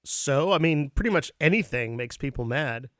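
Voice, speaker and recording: A man co-hosting a podcast in casual chat, with a wry, deadpan humor. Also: on the high side, normal speed, no room sound, clean studio sound. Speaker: podcast co-host.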